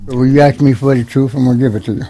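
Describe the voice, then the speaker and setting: Older man, halting and mellow. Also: mid-range voice, steady tone, creaky. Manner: halting, rambling storyteller. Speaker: juke joint owner. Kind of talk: interview.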